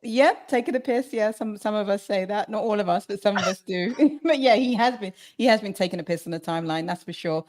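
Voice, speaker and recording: A woman's voice: mid-range voice, brisk, few pauses, darkish tone. A woman co-hosting a podcast in casual, chatty talk. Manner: chatty, restarts, laughs easily. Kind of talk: casual chat.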